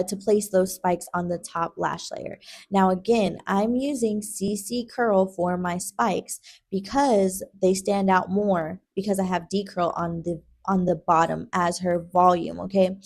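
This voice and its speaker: A woman's voice: medium pitch, creaky, darkish tone. A young adult woman, a lash artist, talking the viewer through a tutorial in a chatty, casual way, calling them girl and checking in with "okay?". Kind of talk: tutorial vlog with casual chat.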